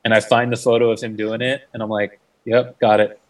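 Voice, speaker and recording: A young man, a guest in a casual interview, tells a story in a lowish, level voice at a fairly quick pace. He swears freely, says "like" constantly and acts out the voices of people he quotes. The mic sits back from him and the recording is rough.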